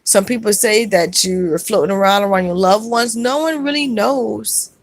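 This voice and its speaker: A woman hosting a livestream, reading viewers' comments aloud and answering them in a soft, halting way with many fillers. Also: mid-range voice, no room sound. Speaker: livestream host.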